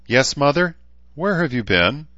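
A man's voice: mid-range voice, very animated, unhurried, bright, forceful tone, no room sound, lo-fi sound, voice pushed up. A man voicing a sulky, defiant teenage girl who talks back hotly.

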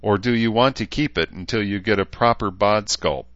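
A man's voice: on the low side, normal speed, fairly bright tone, no room sound, pitched above the performer's own voice, natural voice. Guy doing a stern cold mom, clipped and disapproving, kinda muffled and dry. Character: stern, coldly professional mother.

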